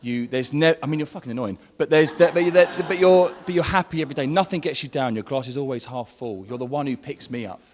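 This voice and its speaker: A man's voice: mid-range voice, fast talker, few pauses, long reverb tail. A man in his thirties giving a casual, sweary and emotional groom's speech at a wedding reception, with many restarts.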